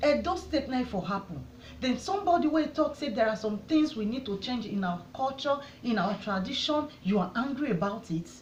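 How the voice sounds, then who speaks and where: A woman's voice: a little high, expressive, brisk, a little hiss or hum. A woman from Edo State with a Nigerian accent, pleading and indignant, firing rhetorical questions straight to the camera as a vlogger. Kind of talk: impassioned address to camera. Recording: echoey room, dull sound.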